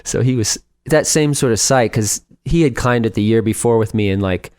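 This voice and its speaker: A man's voice: medium pitch, moderate pace, a little mellow, no echo, studio quality. A middle-aged man as a podcast guest, telling stories in a chatty way, laughing often and acting out what others said. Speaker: guest, speed climber. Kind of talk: casual storytelling interview.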